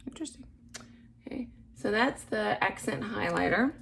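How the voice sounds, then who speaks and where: A woman talks her way through her first makeup tutorial in a casual, self-narrating way. Her voice has a gravelly, fry-tinged edge, and she often slips into quiet murmurs as she focuses. A faint hiss of noise sits under the recording. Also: medium pitch, unhurried. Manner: chatty, self-narrating, unsure of herself; drops to soft murmurs while concentrating. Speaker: beginner makeup vlogger.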